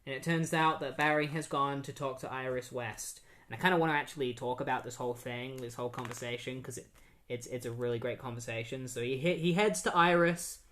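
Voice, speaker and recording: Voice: mid-range voice, brisk, fairly bright tone. A podcast host casually recapping a comic book issue, chatty and with many fillers.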